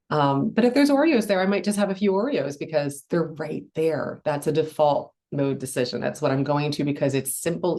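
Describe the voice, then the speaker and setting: A woman's voice: low-pitched, mellow. A middle-aged woman hosting a solo podcast, explaining ideas conversationally with restarts and ums while chewing a cough drop. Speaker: podcast host.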